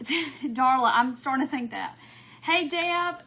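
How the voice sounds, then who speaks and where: Chatty high-voiced woman. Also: slow pace, fairly bright tone, rough recording. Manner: chatty, greets viewers by name, laughs often. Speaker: craft host. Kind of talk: casual live-stream craft chat. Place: at home.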